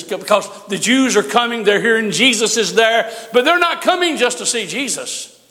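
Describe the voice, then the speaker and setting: High, bright-voiced older man preaching. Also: expressive, moderate pace. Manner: folksy storytelling preaching with humor. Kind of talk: sermon. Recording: long hall reverb.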